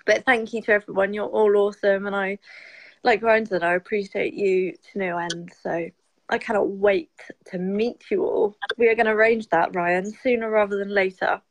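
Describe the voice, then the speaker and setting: A woman's voice: medium pitch, steady tone, normal speed, no room sound, poor audio. A woman guest on a live stream, talking casually and emotionally, with many "like" fillers. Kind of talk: casual heartfelt chat.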